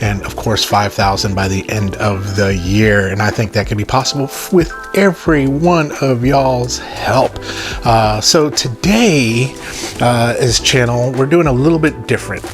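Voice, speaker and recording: A man with a Southern accent hosting a toy review channel, talking casually and enthusiastically to viewers with joking asides. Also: mid-range voice. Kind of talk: casual vlog chat to viewers.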